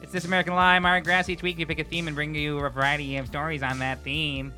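A deadpan parody radio host reads a measured introduction in a bright, crisp tone. Faint music hums below. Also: mid-range voice. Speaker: fake radio show host. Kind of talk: parody public-radio hosting.

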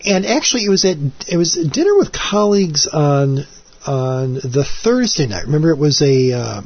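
A man in his forties with a husky, slightly breathy voice hosts his own podcast alone. His pitch swings widely as he rambles, stops mid-thought and pokes fun at himself. The sound is dull and lo-fi. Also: sing-song, normal speed, no echo. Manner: rambling, self-deprecating, with many restarts and asides. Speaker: podcast host. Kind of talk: casual solo podcast monologue.

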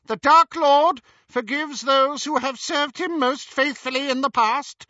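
A man voicing a young woman posing as a sneering dark witch, cold and contemptuous, in an audiobook. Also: very high voice, a little slow, no echo, lo-fi sound, pitched above the performer's own voice, full character voice.

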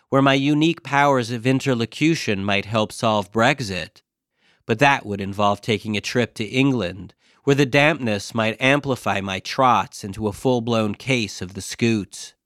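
A man reading his own scripted comic diary as a podcast host, in a deadpan, dryly self-mocking way. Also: mid-range voice, dry recording, clean studio sound.

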